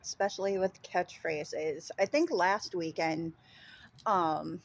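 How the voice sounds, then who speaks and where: A woman's voice: fairly low pitch, expressive, slow, slight background noise. A woman with a Minnesota accent chatting casually in a vlog, rambling with lots of ums and casual swearing. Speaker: vlogger. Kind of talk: casual chat.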